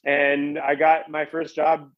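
A man's voice: a little high, monotone, takes it slowly, no room sound, lo-fi sound. Rambling man telling a career story. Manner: rambling, frequent "like" and restarts. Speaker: guest. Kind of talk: casual storytelling.

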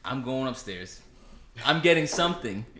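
A man's voice: mid-range voice, expressive, normal speed, crowd noise. A man co-hosting a casual podcast chat who keeps cutting in to call time out and argue his point. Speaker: podcast co-host. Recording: roomy echo.

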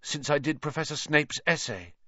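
A man reading aloud and voicing a clever, frightened teenage girl who screams in high, strained tones. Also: lively intonation, normal speed, sharp tone, no room sound, dull audio. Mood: hushed.

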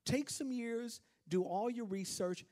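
A preacher voicing a measured, commanding atheist. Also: male voice, extremely high pitch, warm tone, voice pushed up. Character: confident atheist male patron, commanding.

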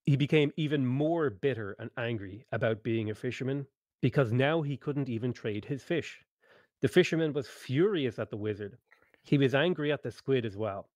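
A man narrating a tabletop game story over an online voice call, reading steadily and now and then clearing his throat. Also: medium pitch, moderate pace, a little mellow, no echo.

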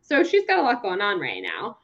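A woman's voice: mid-range voice, a little fast. A young woman co-hosting a casual book podcast, retelling scenes with playful voices for the characters. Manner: animated, acts out characters' lines while retelling. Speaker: podcast co-host. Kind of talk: casual book-club chat. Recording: slightly dull lo-fi sound.

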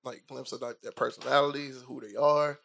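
Young guy with a gravelly voice, laid-back podcast talk, lots of likes and pauses. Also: mid-range voice. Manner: relaxed, hesitant, lots of fillers. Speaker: podcast co-host, photographer. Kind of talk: casual chat.

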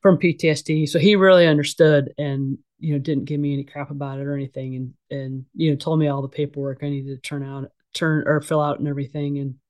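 A woman's voice: low voice, little pitch movement, quick pace, few pauses, a little mellow. A middle-aged woman talking candidly as an interview guest. She is blunt and casual, with frequent fillers and restarts. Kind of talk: candid conversational storytelling.

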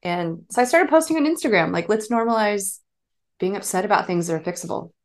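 Woman, thirties, casual chat, animated storyteller, laughs a lot, mid pitch. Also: fairly quick. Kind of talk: casual conversation.

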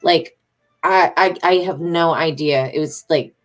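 A woman's voice: low-pitched, measured pace. A middle-aged woman telling a story casually to her followers, agitated, emphatic and rambling, with swearing. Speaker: vlogger.

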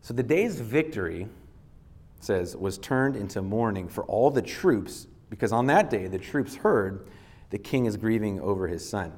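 A man's voice: fairly low pitch, animated, measured pace, a little mellow. A male pastor giving a sermon, retelling a scripture story in casual everyday words and reading verses aloud.

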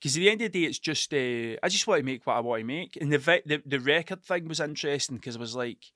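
A man's voice: a little high, expressive, fast talker, pushed and bright, dry recording, clean studio sound. Sweary Scottish man rambling on a podcast. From Scotland. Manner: rambling, sweary, self-interrupting. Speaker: podcast host. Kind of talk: casual solo podcast monologue.

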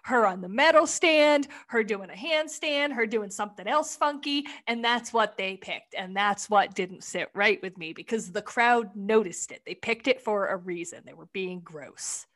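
A woman co-hosting a casual chat, retelling comedy sketches in a blunt, profane, animated way. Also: mid-range voice, moderate pace, few pauses. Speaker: podcast co-host.

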